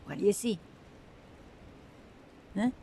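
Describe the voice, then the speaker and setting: A woman's voice: takes it slowly, dark tone, slight background noise. A woman filming and cooing to her pet birds, gushing with frequent exclamations. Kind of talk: casual talk to camera and to pets.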